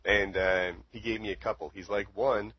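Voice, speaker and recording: A man's voice: fairly low pitch, steady tone, moderate pace, slight background noise. A man telling a long story in casual chat, rambling with lots of fillers. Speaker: podcast co-host. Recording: dull lo-fi audio.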